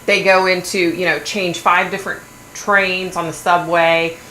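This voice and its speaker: A middle-aged woman hosting a livestream, chatting in a blunt, animated way and swearing now and then. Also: fairly low pitch, a little slow. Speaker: livestream host. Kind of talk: casual gossipy chat. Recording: echoey room, faint hum.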